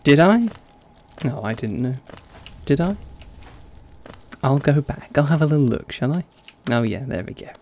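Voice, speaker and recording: A man's voice: mid-range voice, animated, normal speed, pauses often, darkish tone, slight background noise. A young adult man streaming a game live, chatting playfully with his viewers and laughing often. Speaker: gaming streamer. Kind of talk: casual live-stream commentary.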